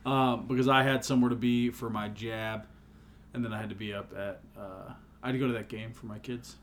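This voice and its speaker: A young man co-hosting a casual podcast, playful, joking and now and then slipping into a booming announcer voice. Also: steady tone, brisk, a little hiss or hum. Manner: playful, slips into a booming over-the-top announcer voice. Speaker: podcast co-host. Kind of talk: casual chat with goofy announcer bits.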